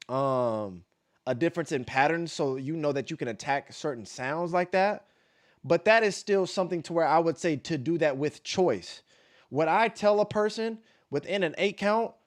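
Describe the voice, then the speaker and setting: Blunt, profane man reacting live. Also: a little high. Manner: blunt, profane, repeats himself for emphasis; vocalizes beat patterns aloud. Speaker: streamer reacting to dance battles. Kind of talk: casual live-stream commentary.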